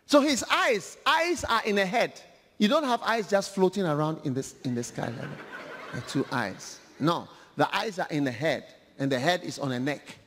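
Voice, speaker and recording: A male preacher giving an animated, humorous sermon, acting out scripture in a large hall. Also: fairly high pitch, moderate pace. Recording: long hall reverb.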